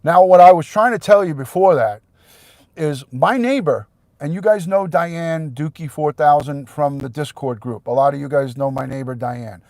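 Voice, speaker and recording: A middle-aged retired police detective, talking blunt and profane on a live stream, sometimes heated and shouting. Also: male voice, fairly high pitch, normal speed, no echo. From New York. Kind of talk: live stream rant to viewers.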